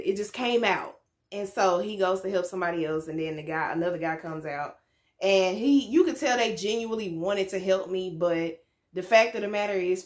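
A young woman telling a frank, candid story in a casual vlog, swearing freely and laughing now and then. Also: fairly low pitch. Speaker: vlogger. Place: home room with lights.

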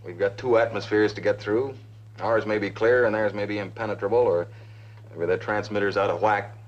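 A man playing a relaxed, wry American scientist in a 1950s film. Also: fairly low pitch, fairly quick, lightly acted. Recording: dull 1950s film soundtrack.

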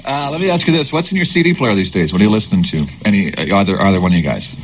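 A man's voice: on the low side, animated, very fast, a little hiss or hum. A male radio host chatting casually on air with guests in a studio, with jokey radio patter.

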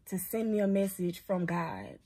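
A woman's voice: on the low side, very animated, unhurried, dark tone, slightly rough. A woman telling a heartfelt story in a casual vlog, speaking into a phone from a parked car. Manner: earnest, heartfelt, rambling. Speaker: vlogger. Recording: car noise in background.

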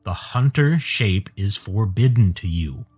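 A man's voice: fairly low pitch, lively intonation, normal speed, a little mellow, husky. A man voicing a rigid, dutiful male alien pilot who speaks in a stern, commanding way. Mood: indignant.

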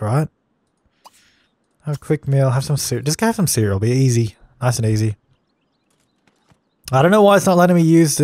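A man's voice: medium pitch, darkish tone, no room sound. A young man casually commenting on a life-sim game while he plays, chatty and easily exasperated, laughing at its mishaps. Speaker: let's play gamer.

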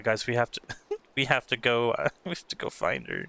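A young man streaming a game, reacting out loud, excitable and swearing a lot as he talks to the screen. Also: medium pitch, moderate pace, creaky, dry recording. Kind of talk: casual reaction commentary. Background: game soundtrack and game dialogue.

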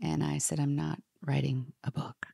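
A middle-aged woman telling a personal story as a podcast guest, animated, quoting others and sometimes dropping to a whisper. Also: low-pitched, moderate pace, vocal fry, breathy edge. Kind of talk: storytelling in conversation.

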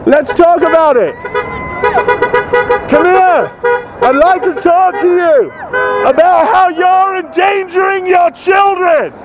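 A man's voice: extremely high pitch, takes it slowly, pauses often, highs cut off. A man filming protesters on a street, goading and insulting them in a mocking, confrontational way. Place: outdoors on a busy street by a protest. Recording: outdoor street with traffic noise.

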